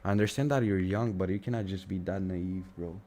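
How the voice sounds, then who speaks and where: Low-pitched and warm, with fairly even intonation, a young man talks briskly while livestreaming about trading. He rants in an exasperated, sarcastic way, swearing and saying "bro" to everyone, mic right against his mouth.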